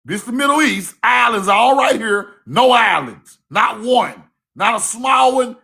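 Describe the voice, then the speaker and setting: A man giving a casual, fiery online lecture, cussing freely, repeating himself and shouting key words. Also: very high voice, lively intonation, measured pace, gravelly. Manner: laughs at own points.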